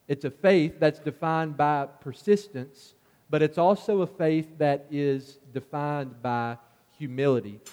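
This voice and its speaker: A man's voice: measured pace, darkish tone, in a large hall. A man preaching a sermon, earnest and rising in force as he drives his points home. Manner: earnest, builds in pitch and force on key points.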